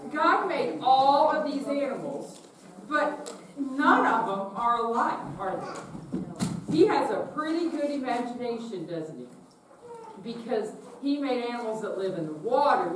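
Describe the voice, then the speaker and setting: A woman leading a children's message in church, gently asking the children questions. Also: fairly high pitch, expressive, unhurried. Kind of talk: children's sermon. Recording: echoey room, far from mic, noisy.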